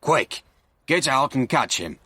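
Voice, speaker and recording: A man's voice: medium pitch, big pitch swings, takes it slowly, pushed and bright, breathy edge, dry recording, exaggerated voice. A man reading a storybook and voicing a stout, drowsy male police sergeant who questions people bluntly. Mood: roused.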